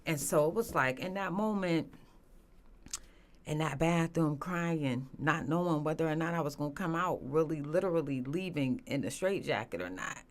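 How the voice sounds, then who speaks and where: Woman giving a halting, earnest testimony. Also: sits low, lively intonation. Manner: earnest, halting, many restarts and fillers. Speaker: guest. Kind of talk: emotional personal testimony.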